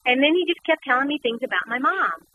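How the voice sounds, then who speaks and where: A woman guest and author telling a personal story in conversation, animated and repeating words as she goes. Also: sits high, fast, dull audio. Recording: noisy background.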